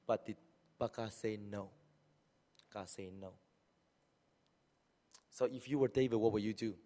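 Animated male preacher in a reverberant church. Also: unhurried. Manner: animated, acts out hypothetical speakers with rising pitch. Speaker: pastor. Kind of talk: sermon. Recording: long hall reverb.

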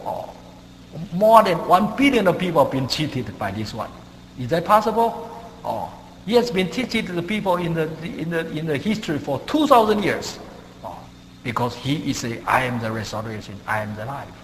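Male preacher, halting delivery full of fillers, very lively pitch, long hall reverb. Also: a little hiss or hum. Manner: halting, many "uh" fillers, non-native grammar; rises sharply in pitch and volume for emphasis. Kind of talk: sermon.

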